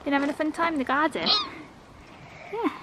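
Speaking fairly quickly in a high-sitting voice, a woman films a casual vlog around her family home and garden. As a mother, she rambles to the camera and keeps interrupting herself to coo at and tell off her little ones, all captured on a noisy home recording.

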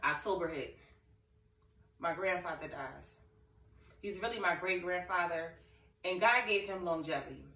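Low-voiced woman vlogger, echoey room. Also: a bit bright. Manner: emotional, rambling storytelling. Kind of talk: casual talk to camera. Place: living room. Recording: echoey room, far from mic.

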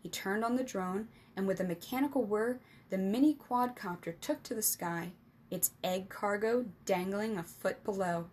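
A woman reading an adventure storybook aloud as the storyteller, with lively, expressive narration. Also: medium pitch, moderate pace, slight background noise.

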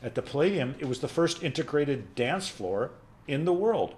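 A man on a video call, a music professor and panelist in a casual webinar discussion, telling animated stories and lecturing. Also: fairly high pitch, normal speed.

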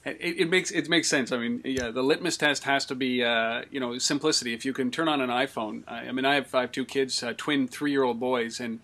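A man's voice: mid-range voice, fairly even intonation, a little fast, few pauses, sharp tone. A man hosting an interview. He thinks aloud in a hesitant way, with many fillers. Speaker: interviewer, host. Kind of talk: casual interview talk.

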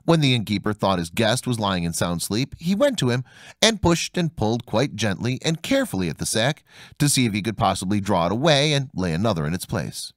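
A man narrating a fairy tale as an audiobook, reading with a very animated delivery and big pitch swings on the dialogue. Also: a little fast, dry recording, studio quality. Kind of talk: storybook narration.

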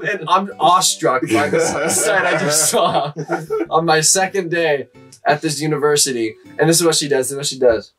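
A man's voice: high voice, fairly bright tone, recorded from a distance. A young man in casual podcast chat, telling a story with energy and laughing often. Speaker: podcast co-host.

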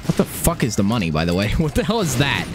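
A young man streaming a video game, swearing, repeating himself and swinging from high yelps to low mutters. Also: wildly swooping pitch, fast. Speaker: gaming streamer. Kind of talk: live gameplay commentary. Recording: game music behind.

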